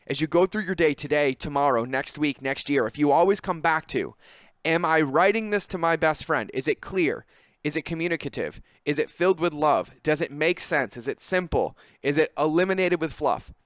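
Brief: male podcast host, motivational business talk, fairly high voice, dry close sound, direct and coaching. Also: a bit bright, no echo. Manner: direct, coaching, rising emphatic delivery.

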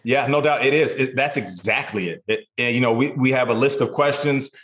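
A man in his thirties, a guest in a casual interview, telling stories in a lively way and acting out what others said. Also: medium pitch, a little fast. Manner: animated, acts out quotes in voices. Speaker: podcast guest, sports broadcaster. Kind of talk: casual storytelling chat.

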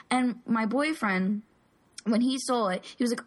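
A woman's voice: medium pitch, quick pace. Chatty woman rambling about movies. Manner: rambling, filler-heavy storytelling. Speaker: podcast co-host. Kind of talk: casual chat.

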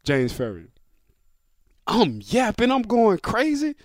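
A man telling a lively football story in casual chat, acting out quotes with big jumps up and down in his voice. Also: takes it slowly, no room sound, clean studio sound. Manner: animated storyteller who acts out quotes, jumping high and dropping low. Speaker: co-host, former football player.

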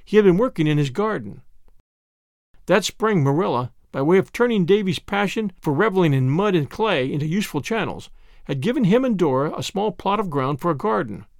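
A man narrating a storybook in an expressive reading. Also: high-pitched, fairly quick, vocal fry, no echo, studio quality. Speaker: audiobook narrator. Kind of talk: scripted narration.

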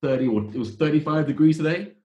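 A man's voice: a little high, fast talker, lo-fi sound, crowd noise. Man on an echoey call. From England. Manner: friendly, laughing. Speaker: caller, podcast guest. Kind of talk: casual chat. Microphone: video call with headphones.

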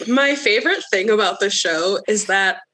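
A woman's voice: mid-range voice, normal speed, sharp tone, rough recording. A woman co-hosting a podcast in casual chat, enthusiastic, often laughing and acting out quotes. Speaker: podcast co-host.

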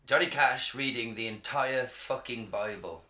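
A man's voice: medium pitch, a little slow, bright, forceful tone. A man co-hosting a casual podcast, swearing freely and breaking into sung snippets. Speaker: podcast co-host. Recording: roomy echo.

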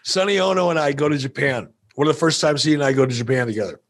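A man's voice: a little high, quick pace. Profane, playful male storyteller. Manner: profane, playful, self-amused. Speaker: podcast guest. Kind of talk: casual storytelling.

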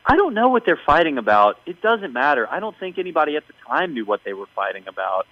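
A man hosting a casual podcast chat, recapping events as an animated storyteller with wry asides. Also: a little high, quick pace, no echo, highs cut off.

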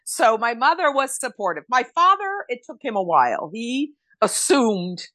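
A woman's voice: on the high side, big pitch swings, normal speed, pushed and bright, no echo. An older woman from Rhode Island, a stage actress guesting on a podcast, talking candidly and bluntly in casual chat. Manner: blunt, candid, emotional storytelling.

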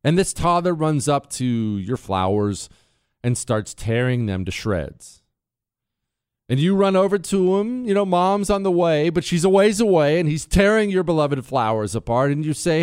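A man hosting a political talk show, telling stories in an animated way and mimicking people in high voices. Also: normal speed, clear, resonant tone, dry recording, clean studio sound. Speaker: radio talk show host.

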